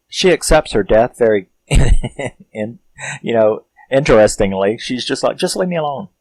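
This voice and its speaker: Recapping a film's story, a male reviewer meanders casually, leaning on "you know" fillers and laughing frequently while he retells it. He has a mid-range, slightly mellow voice.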